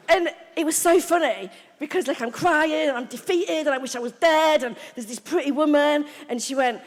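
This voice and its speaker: A woman in middle age tells her own recovery story from a convention stage. She is blunt and lively, laughs at herself, swears and mimics the people she quotes. Her voice sits slightly high and rings out with long hall reverb. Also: moderate pace, hardly any pauses, some chatter behind. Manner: animated and frank, laughing and swearing, acting out quoted lines. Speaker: main speaker at a recovery convention. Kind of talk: personal recovery testimony told as a story. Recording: live talk in a reverberant hall.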